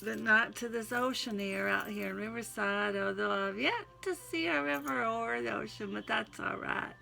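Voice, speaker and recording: A woman's voice: on the high side, normal speed, vocal fry, bright, forceful tone, faint music behind. An older woman with a Southern accent, chatting in a folksy way into her phone and sneezing now and then, then reading a devotional poem. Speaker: poetry reader.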